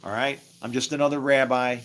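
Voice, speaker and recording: A man's voice: mid-range voice, flat delivery, brisk, a bit bright. A man talking casually on a live stream, rambling from story to story and chuckling often, with preachy asides. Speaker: livestreamer.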